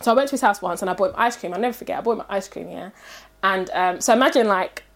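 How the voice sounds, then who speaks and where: A woman, animatedly telling a story in casual chat and acting out the people in it. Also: rapid-fire. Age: 30s. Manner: animated, acts out quotes in high voices.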